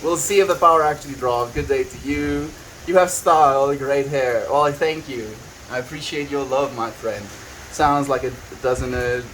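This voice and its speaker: A man's voice: medium pitch, moderate pace, a bit bright, slight background noise, low-quality recording. A young man livestreaming from home, chatting casually and rambling, laughing often and restarting sentences as he vents and reads chat. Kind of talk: casual chat, venting and reading chat. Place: at home on a farm.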